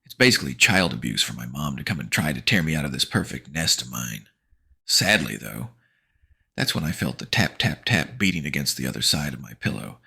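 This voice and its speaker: A man with a very deep, gravelly voice narrates a horror-comedy audiobook in the first person. He talks as a sarcastic, slangy teenage boy, and his husky tone swings widely up and down. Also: animated, brisk, pushed and bright. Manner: sarcastic slangy teen banter.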